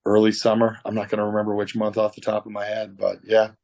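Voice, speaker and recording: Animated swearing Canadian storyteller man. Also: fairly low pitch, fast talker, creaky, dry recording. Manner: animated storyteller, swears a lot, acts out quotes. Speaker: tattoo artist guest. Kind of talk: storytelling interview over video call. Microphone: video call.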